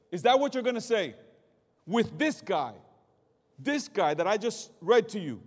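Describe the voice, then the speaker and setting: High-voiced preacher guy, dramatic, goes soft then loud, long echo like a big hall. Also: sing-song, moderate pace. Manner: dramatic, swings from quiet and low to loud and high, mimics excuses. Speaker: pastor. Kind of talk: sermon.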